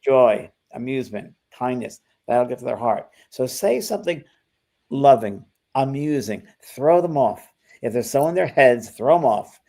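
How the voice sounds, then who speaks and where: An older man co-hosting a casual spiritual talk, animated and acting out the exchanges he describes. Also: mid-range voice, a little slow, vocal fry. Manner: animated, acts out quoted exchanges in lively voices. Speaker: spiritual medium and co-host. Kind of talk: casual conversational chat.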